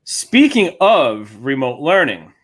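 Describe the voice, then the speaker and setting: A man's voice: on the high side, big pitch swings, slow pace, fairly bright tone. A man co-hosting a podcast in casual chat, given to dry, sarcastic quips. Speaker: podcast co-host.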